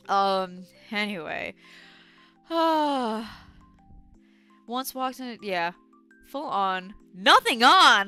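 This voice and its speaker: A woman's voice: a little high, lively intonation, drawn-out words, pauses often, sharp tone, clear, resonant tone, soft background music. A young woman from New York streaming and ranting to chat, swearing constantly and answering viewers with outrage. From New York City. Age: young adult. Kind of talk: casual livestream chat.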